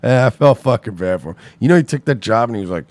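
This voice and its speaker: A man's voice: mid-range voice, animated, fast talker, a little mellow, no room sound. A man co-hosting a talk show, telling stories in casual chat, swearing freely and acting out the people he describes. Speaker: radio show co-host.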